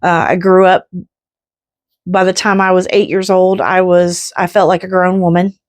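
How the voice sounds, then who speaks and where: A woman's voice: on the low side, little pitch movement, moderate pace, no echo, clean studio sound. A woman in her fifties chatting earnestly on a faith vlog, rambling a little with restarts. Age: 50s. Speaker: faith vlogger. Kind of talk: casual heartfelt chat.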